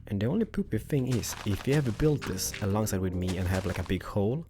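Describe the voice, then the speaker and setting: A young man hosting a casual building tutorial, rambling playfully with loud bursts and a voice that is wearing thin. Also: lowish voice, expressive, quick pace. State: losing his voice. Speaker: host. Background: background music.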